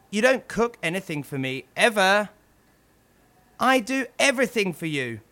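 A man's voice: sits high, sharp tone, heavily acted. A man voicing a spoiled, whiny young girl as Red Riding Hood. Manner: whiny, self-pleased. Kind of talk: storybook character voice.

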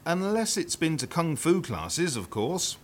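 A cheerful little storybook rabbit, done by a man with a raised, sing-song voice that rises and falls while listing things. The talk is unhurried, with faint room noise behind. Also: on the high side, very animated, pitched above the performer's own voice. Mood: chatty. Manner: bright, listing.

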